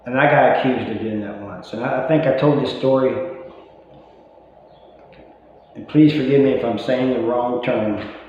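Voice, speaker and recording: A man's voice: medium pitch, darkish tone. A middle-aged man casually telling stories, rambling and full of "you know" asides, chuckling at himself now and then. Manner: chuckles at his own stories. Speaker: vlogger talking about life after prison. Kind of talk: casual storytelling monologue. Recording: very echoey, dull lo-fi room sound with faint noise.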